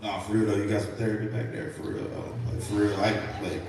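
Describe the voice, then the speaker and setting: A man doing loud, teasing comic banter on a live stage. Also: lowish voice, level tone, fast talker, creaky, noisy background. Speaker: comedian. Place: large hall, live show. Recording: echoey hall from far off.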